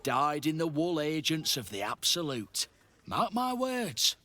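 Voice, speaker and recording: A slow suspicious townsman. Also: fairly high pitch, sing-song, pushed and bright, full character voice. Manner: gruff, theatrical regional lilt. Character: paranoid older male townsman, suspicious.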